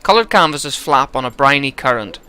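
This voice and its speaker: A man's voice: mid-range voice, animated, brisk, pushed and bright, clear, resonant tone. Brief: jokey, slightly drunk male game narrator, rambling asides. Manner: joking, rambling. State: tipsy. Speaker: let's-play narrator.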